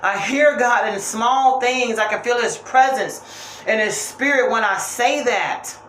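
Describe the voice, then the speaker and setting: A woman's voice: on the high side, a little slow, fairly bright tone, slight background noise. A young woman at home giving an earnest, rambling faith talk, repeating phrases for emphasis. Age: young adult. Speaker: faith vlogger. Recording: roomy with faint ambience.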